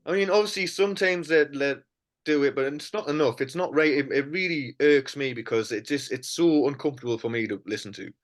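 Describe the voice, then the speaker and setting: A man's voice: medium pitch, brisk. A man with a Geordie accent co-hosting a podcast, chatting casually, passionate and swearing freely. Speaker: podcast co-host. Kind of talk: casual chat.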